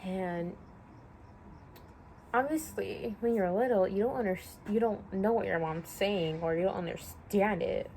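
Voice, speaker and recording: A young woman talking to camera in a personal vlog, halting and full of fillers, close to tears. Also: mid-range voice, mellow. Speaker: vlogger. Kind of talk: emotional personal vlog talk. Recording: faint background noise.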